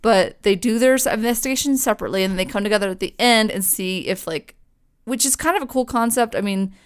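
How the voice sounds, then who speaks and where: A woman's voice: mid-range voice, fast, clean tone. A young woman co-hosting a podcast, telling a ghost story in casual chat, full of fillers and swearing. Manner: chatty, swears a lot, many fillers. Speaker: podcast co-host.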